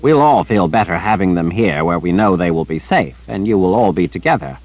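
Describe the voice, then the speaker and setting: A man reading an audiobook, voicing an old male wizard who is gentle and grandfatherly toward a child. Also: low-pitched, animated, brisk, no echo, rough recording. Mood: fond.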